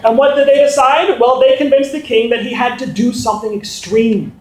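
A man's voice: extremely high pitch, steady tone, brisk, a little mellow, echoey room, rough recording. A man in his thirties preaching a sermon to his congregation, playful and full of joking asides. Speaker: pastor. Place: church hall.

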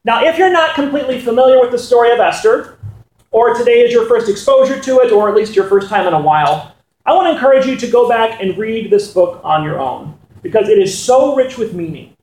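High-voiced joking pastor in echoey church. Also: male voice, lively intonation, a little fast, darkish tone. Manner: playful, joking asides. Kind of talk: sermon. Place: church hall.

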